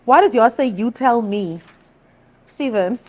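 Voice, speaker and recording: A woman guest on a casual date chat, quick-witted and teasing, often laughing. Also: on the high side, expressive.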